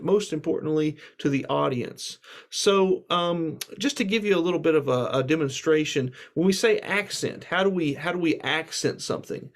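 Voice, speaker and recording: A man giving a casual music lecture, reassuring and full of fillers, with guitar playing between his talk. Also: fairly high pitch. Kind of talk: relaxed spoken lecture with instrument demos.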